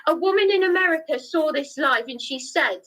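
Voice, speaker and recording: A woman's voice: high voice, expressive, fairly quick, a bit bright. A distraught woman from England, pouring out her troubles on a phone call, stammering through restarts and raising her voice. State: distraught, near tears. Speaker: caller.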